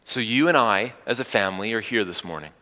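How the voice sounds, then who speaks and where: A man preaching a Sunday sermon as pastor, animated, with playful asides to his congregation. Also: lowish voice, brisk, long reverb tail.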